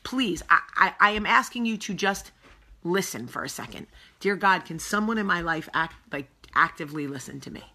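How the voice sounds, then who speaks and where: A middle-aged woman hosting a casual vlog, telling a story in a blunt, animated, sassy way. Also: on the low side, moderate pace. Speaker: host.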